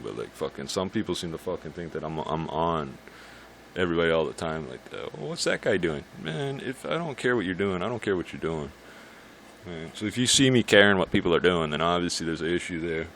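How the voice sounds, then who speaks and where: A man with a very low voice rambles on in an irritated, profane monologue. He talks casually to his camera while outdoors on a city street. Faint traffic hum sits behind him. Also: a bit bright. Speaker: vlogger.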